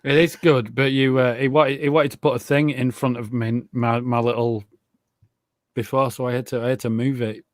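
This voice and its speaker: A man's voice: mid-range voice, level tone, moderate pace, no echo, studio quality. A man who is a guest on a casual livestream, joking and teasing in playful banter. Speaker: guest YouTuber.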